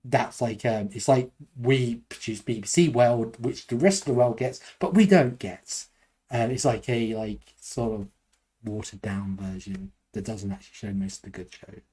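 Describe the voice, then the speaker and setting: A man's voice: mid-range voice, normal speed, dark tone, breathy edge. A young British man co-hosting a podcast in casual chat, rambling and self-deprecating, laughing often. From United Kingdom. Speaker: podcast co-host.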